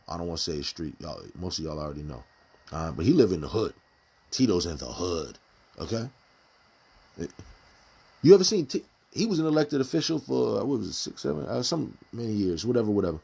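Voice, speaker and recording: A man's voice: on the low side, gravelly, slightly rough. A man giving casual live-stream commentary, firing off rhetorical questions in street slang. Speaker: community commentator.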